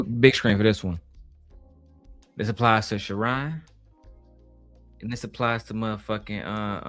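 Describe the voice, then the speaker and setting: A man hosting a live stream show, talking bluntly and with plenty of profanity. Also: fairly low pitch. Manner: blunt, profane trash talk. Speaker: show host. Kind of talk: casual live-stream commentary.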